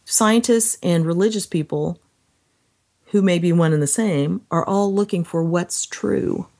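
A woman chatting casually as a podcast co-host, her voice going hoarse, animated when quoting people. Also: measured pace. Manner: animated, acts out quotes in a higher voice. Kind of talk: casual conversation.

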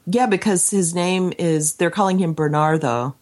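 A woman's voice: on the low side, moderate pace, a little mellow. A woman in casual podcast talk about a film, reading a printed speech aloud with expression. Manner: reads quotes aloud with expression. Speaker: podcast co-host.

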